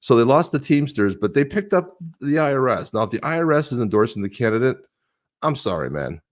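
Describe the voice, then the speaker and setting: A man in his sixties co-hosts a livestream, telling rambling stories in casual chat and laughing often. His voice is medium in pitch, very animated and fairly quick.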